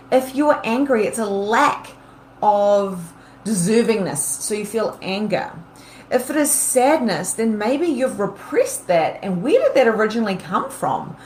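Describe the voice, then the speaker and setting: Animated woman coaching in a roomy space. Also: medium pitch. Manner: animated, acts out worried inner voices. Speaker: podcast host and medium. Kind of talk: casual coaching monologue. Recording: roomy with faint background noise.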